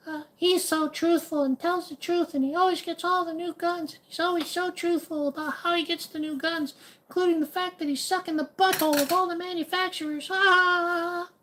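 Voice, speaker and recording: A shrill mocking falsetto. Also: male voice, a bit bright, a little hiss or hum, poor audio. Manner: shrill sarcastic falsetto, slow drawn-out. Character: mocking shrill-voiced male gun reviewer.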